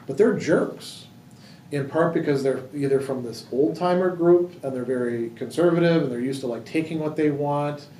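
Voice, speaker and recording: In a casual book discussion held in a library room, a man with a fairly high, mellow voice speaks at normal speed. He thinks out loud, restarting often and using many fillers, captured by a distant mic in a roomy hall with faint noise.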